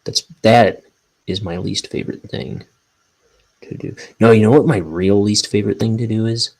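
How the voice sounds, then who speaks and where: A man's voice: lowish voice, normal speed, vocal fry, a little mellow, rough recording. A man chatting casually and rambling while he inks his graphic novel, often poking fun at himself. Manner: rambling, self-deprecating. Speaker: cartoonist inking a graphic novel. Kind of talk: casual chat while working.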